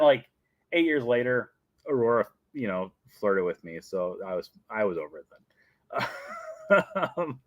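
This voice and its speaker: Chatty male host with a lively voice. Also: medium pitch, no room sound, dull audio. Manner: chatty, rambling, laughs often. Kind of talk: casual chat answering viewer questions.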